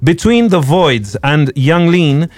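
A man's voice: fairly high pitch, animated, slow pace. A man hosting a casual music chat, talking in a rambling way with many restarts and laughs.

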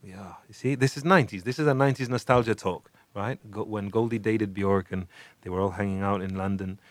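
A man's voice: on the low side, fairly quick, dry recording. A man co-hosting a casual music chat, enthusiastic and rambling, with many restarts. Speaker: podcast co-host.

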